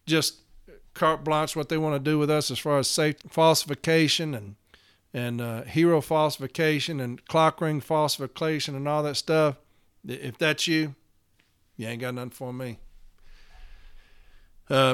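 A man's voice: on the high side, fairly bright tone, smooth. A man telling a work story in a casual podcast as a union representative, blunt and emphatic, swearing freely.

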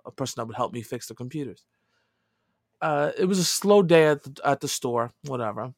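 A middle-aged man spins a personal story in a loose, chatty way, his voice sitting a little high for a man. He swings from hushed asides to loud bursts of emphasis. The recording is close and dry, with no room sound. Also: no echo. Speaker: podcast co-host telling a story. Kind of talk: casual storytelling.

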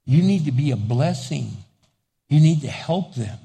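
A man preaching in a church with a slightly high, husky voice. He's animated, slipping into little acted-out dialogues and laughing along the way. His voice rings with long reverb from a big sanctuary. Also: a little slow. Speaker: pastor. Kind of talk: sermon.

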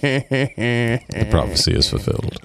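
A man's voice: mid-range voice, animated, takes it slowly, creaky, crowd noise. A man on a podcast, dropping short, dry quips. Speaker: podcast co-host. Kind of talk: casual chat.

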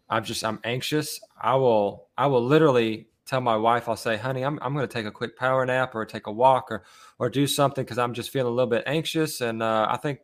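A man with a mid-range, fairly bright voice hosts a casual podcast discussion among fathers. He leads it earnestly, with lots of fillers and restarts.

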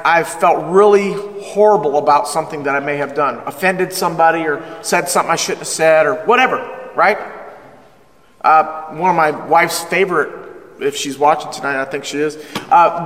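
A middle-aged male pastor preaching a sermon with energy and humor. He stresses his points and slows down to read scripture. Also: a little high, a bit bright, long reverb tail. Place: church.

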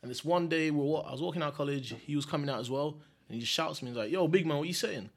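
A man's voice: a little high, very fast. A young adult man from England, a guest telling a story in a casual, slangy, laid-back way and laughing often.

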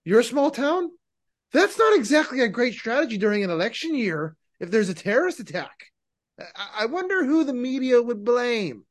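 A man co-hosting a podcast, rambling in casual political talk with halting restarts and rhetorical questions. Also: very high-pitched, very animated. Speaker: podcast co-host.

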